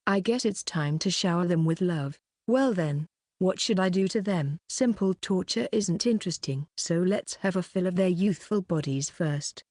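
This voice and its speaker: Woman doing a creepy gloating lord guy, low and mellow, flat dry read. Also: moderate pace, no echo. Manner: gloating, leering. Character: lecherous cruel male lord, gloating.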